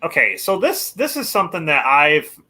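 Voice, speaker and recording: Male co-host, bright and animated voice, halting with many restarts. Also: a little high. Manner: hesitant, full of restarts, animated. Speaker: podcast co-host. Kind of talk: casual movie review chat.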